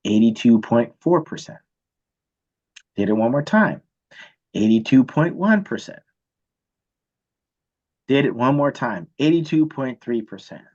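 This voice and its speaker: A man teaching chemistry, telling a story from his student days in a casual, animated way and checking in with "right?" often. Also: mid-range voice, unhurried, long pauses, highs cut off. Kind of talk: storytelling lecture.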